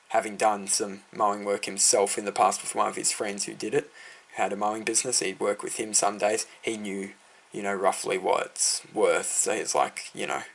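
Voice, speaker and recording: Rambling Australian teenage boy, gravelly. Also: on the low side, fairly bright tone. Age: teens. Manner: rambling, filler-heavy, easily sidetracked. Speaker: lawn care business owner. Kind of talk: casual storytelling vlog.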